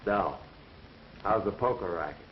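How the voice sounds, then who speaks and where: A man's voice: deep voice, lively intonation, a little slow, slight background noise. A breezy, wisecracking newspaperman, lo-fi old film sound. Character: wisecracking young male college reporter. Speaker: newspaper reporter. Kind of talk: 1930s film acting.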